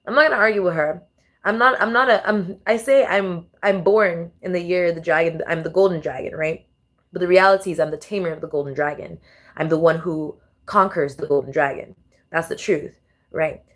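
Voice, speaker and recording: A woman's voice: lowish voice, brisk. A woman vlogger talking casually and profanely as she reacts to songs, thinking aloud with many restarts. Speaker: tarot and astrology vlogger. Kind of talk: casual commentary while playing songs.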